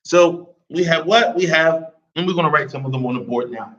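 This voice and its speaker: A man with a somewhat high voice runs a live Arabic class in a relaxed way. He repeats himself and keeps checking in with his students. The classroom recording sounds dull and lo-fi. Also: a little fast. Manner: casual, repeats phrases, asks the class questions. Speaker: Arabic teacher.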